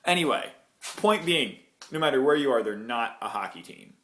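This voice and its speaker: A man recounting a true story for his vlog, wandering into asides as he goes. His pitch leaps around expressively, and the room gives his voice a roomy echo. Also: moderate pace. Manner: animated, digressive storyteller. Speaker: vlogger.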